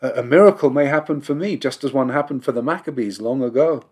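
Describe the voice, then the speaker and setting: A man's voice: medium pitch, fast talker, darkish tone, breathy edge, voice pushed up, lightly acted. A man voicing a young, steadfast immigrant, earnest and hopeful, raised above his own voice. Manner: earnest, rising to eager pleading.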